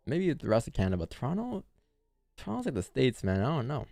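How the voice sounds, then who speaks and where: A man's voice: mid-range voice, wildly swooping pitch, fast, creaky, a little mellow, dry recording, clean studio sound. A man hosting a live trading stream, chatting casually with viewers and answering chat in loose, slangy talk. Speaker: forex day-trading streamer.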